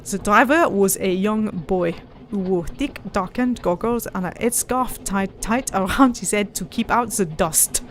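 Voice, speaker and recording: A woman's voice: medium pitch, a little slow, a little hiss or hum. A woman hosting a let's play who chats casually, reads the game text aloud with playful emphasis and giggles often. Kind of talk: casual gameplay chat and reading aloud.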